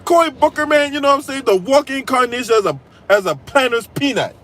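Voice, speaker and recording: A man's voice: extremely high pitch, animated, quick pace, bright, forceful tone, poor audio. A man hosting a political commentary channel, delivering a profane, mocking rant full of crude trash talk and repeated "right?".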